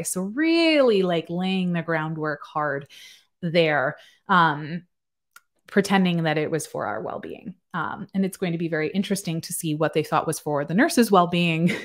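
A nurse practitioner in her thirties with a fairly low voice delivers sarcastic, chatty reaction-video commentary packed with fillers.

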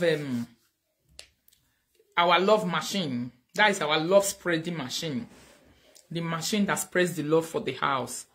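A fairly low-pitched woman hosts a laid-back livestream in a Nigerian Pidgin English accent. Animated throughout, she shouts out thanks to her viewers and switches into Pidgin.

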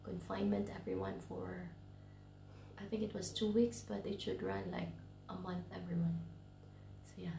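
In a casual vlog from her bedroom, where she's self-quarantining with a cold, an English teacher sounds tired and keeps slipping into a whisper. Her lowish voice is gravelly and dark with fairly even intonation and a moderate pace, and the roomy recording has slight background noise.

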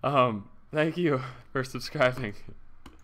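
A man's voice: medium pitch, slow, fairly bright tone. A young man streaming a game, chatting casually, joking, swearing and thanking subscribers as he reads the chat. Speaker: livestreamer.

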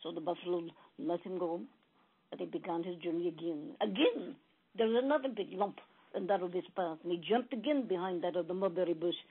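A woman telling a spiritual parable in a gentle, emphatic, repetitive storytelling manner. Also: fairly low pitch, brisk, slightly rough. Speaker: spiritual channeler. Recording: tinny phone-like recording.

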